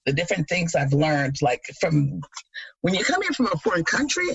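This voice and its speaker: A woman in her thirties from Jamaica, co-hosting a podcast and chatting casually, an animated storyteller who laughs often. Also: on the low side, moderate pace, gravelly, slightly rough, dry recording, highs cut off. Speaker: podcast co-host. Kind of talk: casual chat.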